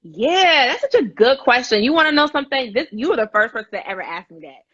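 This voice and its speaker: A woman's voice: sits high, animated, fast, fairly bright tone, no echo. A woman guest on a live chat, talking enthusiastically and laughing. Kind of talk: casual live interview chat. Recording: dry, dull lo-fi video call audio.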